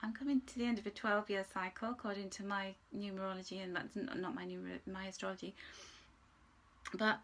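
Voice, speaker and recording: A woman's voice: medium pitch, little pitch movement, a little fast, fairly bright tone. A woman giving a live angel card reading, talking in an emotional, gushing way and close to tears. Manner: emotional, gushing, tearful at times. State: tearful.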